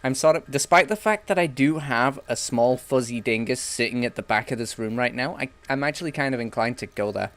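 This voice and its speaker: A man's voice: mid-range voice, fairly quick, few pauses, fairly bright tone. A young man streaming a game, rambling and joking casually with some swearing. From England. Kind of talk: casual gameplay chat.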